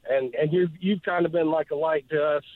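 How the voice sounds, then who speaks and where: A man from northeast Georgia, calling in to a radio show and speaking earnestly, with many pauses and fillers. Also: fairly high pitch, steady tone, no echo. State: emotional. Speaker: caller. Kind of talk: call-in radio chat. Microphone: phone. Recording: tinny phone line, dry.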